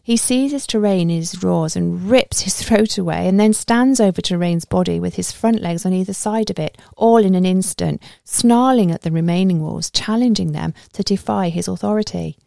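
A woman narrates a first-person adventure story in a steady, measured way. Her voice is low and mellow with a gravelly texture. The recording is close and dry. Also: no echo. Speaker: audiobook narrator.

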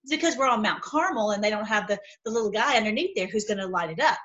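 A woman hosting an online video, retelling a story in an animated, emphatic way, often restarting her sentences. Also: mid-range voice, fast talker, dull audio. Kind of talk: casual storytelling talk.

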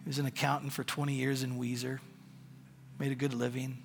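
Gravelly middle-aged pastor telling a story. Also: male voice, medium pitch, little pitch movement, a little hiss or hum. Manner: halting, self-deprecating, many fillers. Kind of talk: sermon storytelling.

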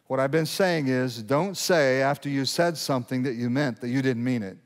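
Middle-aged pastor preaching in a reverberant hall. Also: male voice, mid-range voice, steady tone. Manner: conversational preaching with repeated restarts, slows down to read verses. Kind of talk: sermon. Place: church sanctuary.

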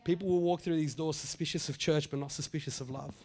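A middle-aged man delivers a sermon in a raised, light pitch. He talks to the congregation conversationally, stumbling into asides, then drives points home by saying them twice. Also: steady tone, fast talker, darkish tone. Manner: conversational preaching, repeats phrases for emphasis, acts out quotes. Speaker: pastor.

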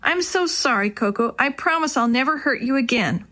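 A woman voicing an eager young boy who talks in an excited, pleading way. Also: sits high, normal speed, voice pushed up.

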